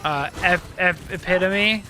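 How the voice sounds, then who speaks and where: A man playing a game and chatting casually, who swears and yells at the boss and laughs a lot. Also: sits high, unhurried. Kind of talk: casual gameplay chat. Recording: game music behind voice.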